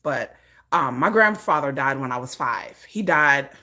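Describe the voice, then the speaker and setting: Animated woman telling family stories. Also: extremely low pitch, unhurried. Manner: animated, laughs often while telling stories; repeats and restarts phrases. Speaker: live streamer. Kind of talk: casual personal storytelling on a live stream.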